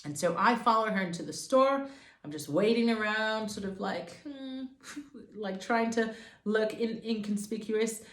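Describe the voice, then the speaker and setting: A woman tells a personal faith story straight to her viewers. Her delivery is earnest and fervent, and her pitch sits in an ordinary middle range. The recording has a noticeable roomy echo. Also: moderate pace. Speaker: Christian vlogger. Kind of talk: personal testimony to camera.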